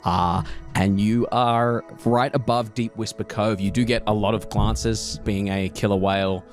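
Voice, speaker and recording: A man's voice: fairly low pitch, steady tone, measured pace, faint music behind. A man narrating as game master of a tabletop game, rambling through descriptions with lots of fillers.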